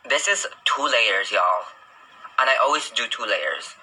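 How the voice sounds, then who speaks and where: A man walking through his everyday makeup in a sassy, foul-mouthed, dramatic way. His voice sits at an average pitch, recorded close on a phone with clear background noise. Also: animated, unhurried. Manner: sassy, profane, exclamatory. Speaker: beauty vlogger. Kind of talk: casual makeup tutorial.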